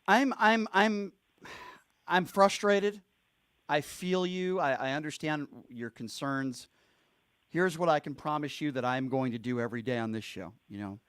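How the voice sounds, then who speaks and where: A man hosting a call-in radio show with a fairly high voice. He talks bluntly and argues hard with callers. The studio sound is close and dry. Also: fairly even intonation, unhurried, fairly bright tone, clear, resonant tone, no room sound.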